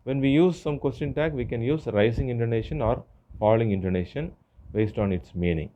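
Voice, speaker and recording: A man teaching an English grammar lesson, explaining step by step with frequent pauses and fillers. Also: mid-range voice, warm tone, lo-fi sound. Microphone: phone screen recorder.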